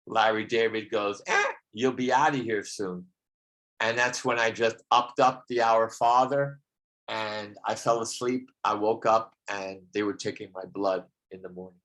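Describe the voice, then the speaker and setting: A man telling a personal story about healing, in a reflective, halting way with many pauses, over a video call. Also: medium pitch, fairly bright tone. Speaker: speaker sharing a healing story.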